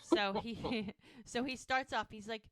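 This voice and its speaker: In a dry, studio-quality recording, a woman co-hosts a podcast and recaps an episode in casual chat. She's animated, acting out lines as she goes with quick shifts in pitch.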